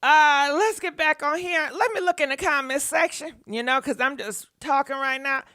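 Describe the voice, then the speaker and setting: Sassy high-voiced woman gossip host. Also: normal speed, pushed and bright, no echo, clean studio sound. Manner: sassy, laughing, talks back at celebrities. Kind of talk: casual live gossip commentary.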